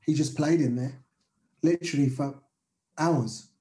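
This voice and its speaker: Brief: male host, warm mellow tone, enthusiastic and chatty, roomy sound. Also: a little high, unhurried. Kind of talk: casual chat.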